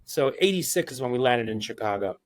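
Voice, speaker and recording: A man in his forties from Iran, a guest in a casual interview, talking in halting starts with lots of restarts. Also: mid-range voice, lively intonation, no room sound, studio quality. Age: 40s.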